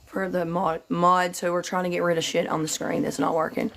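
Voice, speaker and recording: A woman's voice: lowish voice, flat delivery, creaky, fairly bright tone. A woman hosting a casual livestream, greeting viewers by name in a loose, slightly sleepy way. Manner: slightly slow and drowsy, just woke up. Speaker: livestream host.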